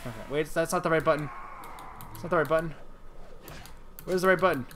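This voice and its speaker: A man's voice: fairly high pitch, brisk, a bit bright, a little hiss or hum. A man streaming a video game, talking to himself in playful, rambling chat. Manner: playful, rambling self-talk.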